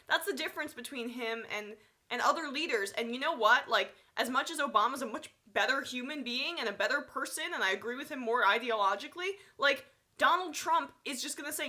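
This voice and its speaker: A woman's voice: sits high, animated, brisk, bright, forceful tone. A woman with a stuffy nose giving sarcastic, opinionated live political commentary, full of fillers. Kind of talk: live online news commentary.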